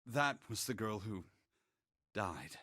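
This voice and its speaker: An actor playing a calm, formal young nobleman in a game who speaks politely and in measured phrases. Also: on the low side, slightly rough, heavily acted. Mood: grave.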